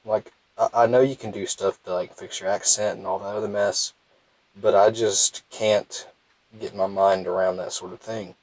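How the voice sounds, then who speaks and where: Young man, thick Southern drawl, lowish voice, rambling let's-play commentary, dry close mic. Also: fairly even intonation, normal speed, darkish tone, no echo, rough recording. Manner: rambling, self-deprecating, many restarts. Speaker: gameplay commentator.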